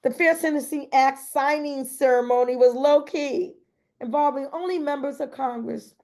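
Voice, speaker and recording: A woman's voice: high-pitched, moderate pace, a little mellow. A woman reading aloud from her own memoir in an earnest, emotional way, breaking off now and then to add personal comments. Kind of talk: reading aloud with spontaneous asides.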